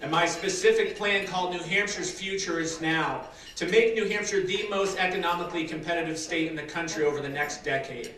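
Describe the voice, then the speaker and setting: A man from Massachusetts giving a rousing campaign speech at a dinner, building to loud applause lines. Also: a little high. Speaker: political candidate giving a speech. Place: large dinner hall with an audience. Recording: echoey banquet hall, distant mic, crowd noise.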